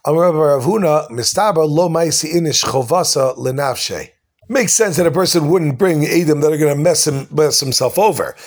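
A man teaching a casual Talmud class, quickly translating the text line by line with asides. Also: on the high side.

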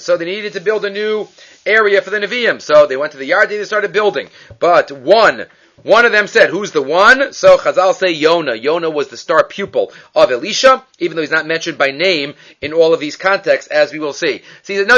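Bright-voiced man teaching a Bible class. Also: a little high. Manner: lively storytelling, acting out quoted lines; mixes Hebrew terms into English. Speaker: Torah teacher. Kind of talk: informal Bible class retelling. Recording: dull lo-fi recording.

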